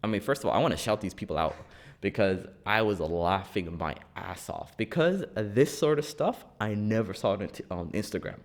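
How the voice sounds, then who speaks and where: In the studio, the young co-host keeps swapping funny stories, laughing a lot and performing the voices of people he quotes. His voice is on the low side and he speaks fairly quickly.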